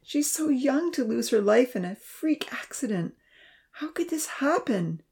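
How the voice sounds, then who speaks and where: A woman voicing an earnest, distraught male scientist who pleads in a breathy, tearful voice. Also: fairly low pitch, lively intonation, fairly quick, darkish tone.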